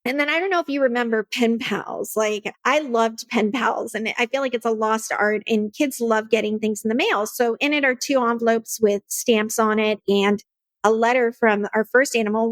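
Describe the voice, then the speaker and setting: A woman's voice: a little high, moderate pace, dry recording. A woman who founded a nonprofit, earnestly telling her own story in an interview and acting out her past conversations. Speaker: nonprofit founder, podcast guest.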